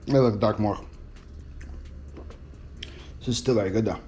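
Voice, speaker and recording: Chatty excitable man vlogging to camera. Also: on the low side, a little slow, pauses often, dull audio. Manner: chatty and excitable, thinking aloud. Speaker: reselling vlogger. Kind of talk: casual vlog to camera. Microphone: phone camera.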